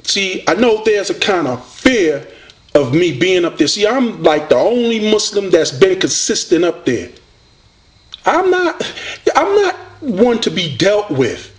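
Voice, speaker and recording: A man rants straight at a rival, combative and preachy, with a mocking edge. His voice sits high for a man. His pitch swings widely as he presses each point. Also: very animated, measured pace. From United States. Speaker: online debater addressing a rival. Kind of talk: confrontational video rant.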